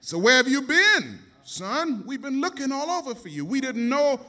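A worried mother scolding her son as a male preacher puts her on, fretful and quick to reproach. Her voice is pitched high and bright, swinging widely. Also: sing-song, in a large hall, heavily acted.

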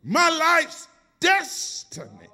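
A preacher voicing the boy Jesus at twelve, earnest and solemn, drawing his words out slowly. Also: extremely high pitch, wildly swooping pitch, pushed and bright, voice pushed up, exaggerated voice. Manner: slow, drawn-out, intoning.

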